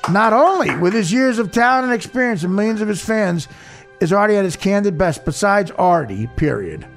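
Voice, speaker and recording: A man hosting a podcast in casual chat, teasing and reading aloud haltingly. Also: high-pitched, lively intonation, soft background music. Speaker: podcast host.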